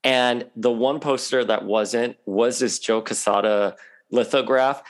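A man talking as a guest on a podcast in a chatty, animated way, laughing often. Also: mid-range voice, unhurried. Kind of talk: casual podcast chat.

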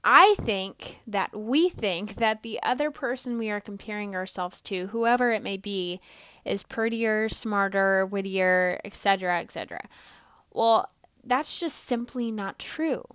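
A woman's voice: medium pitch, measured pace, fairly bright tone, clean tone, no room sound, studio quality. A young woman hosting a podcast, giving an earnest, encouraging devotional talk and repeating her key phrases. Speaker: podcast host.

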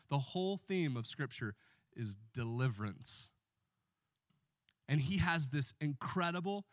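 A man's voice: mid-range voice, fairly bright tone, dry recording, studio quality. A man preaching a sermon as pastor in a church, joking with the congregation and calling for responses.

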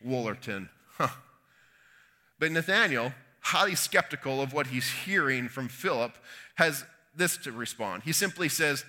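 A man's voice: medium pitch, lively intonation, normal speed, bright, forceful tone. A man from Canada preaching a conversational sermon, retelling a Bible story with folksy asides and quoted voices. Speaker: pastor.

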